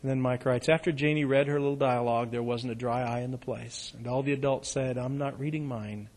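A middle-aged man preaching a sermon, moving between loud, urgent exhortation and soft, hushed reading. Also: medium pitch, flat delivery, quick pace, a little hiss or hum. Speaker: pastor.

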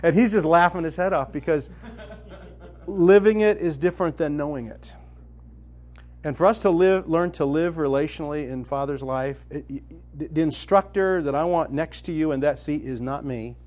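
Male retreat speaker, fairly high-pitched, animated storyteller, casual. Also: moderate pace. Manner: storytelling, animated, talks to the room directly. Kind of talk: conversational teaching talk. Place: meeting room with a live audience.

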